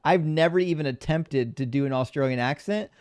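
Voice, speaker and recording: A man's voice: a little high, fairly quick, darkish tone, smooth, no room sound, clean studio sound. A man hosting a live debate stream, chatting casually and reading viewer messages aloud while calling the audience friends.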